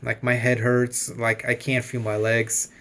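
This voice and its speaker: A man's voice: medium pitch, monotone, unhurried, a bit bright. Rambling man in his thirties. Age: 30s. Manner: rambling, heavy use of "like" and swearing. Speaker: vlogger. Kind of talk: casual storytelling.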